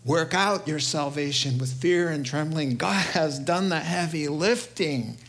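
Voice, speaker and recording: A male pastor with a New York accent preaching a sermon, animated, acting out quoted voices and swinging between loud and hushed delivery. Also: on the high side, a little slow.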